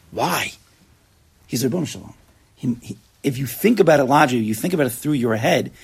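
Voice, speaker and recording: Gravelly, husky man teaching a class. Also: fairly high pitch. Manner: animated, rhetorical questions, repeats himself. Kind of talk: informal religious class.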